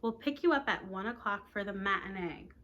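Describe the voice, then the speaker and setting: Woman reads a friendly, excited teenage boy, bright and upbeat, storybook style. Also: medium pitch, fairly quick, a little hiss or hum, close to an everyday voice. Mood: eager. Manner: eager, upbeat.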